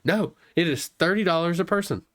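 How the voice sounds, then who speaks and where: A man's voice: sits high, animated, a little fast, fairly bright tone. A young American man on a casual podcast, teasing his co-host and swearing freely as he describes a meal. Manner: profane, teasing, laughs often.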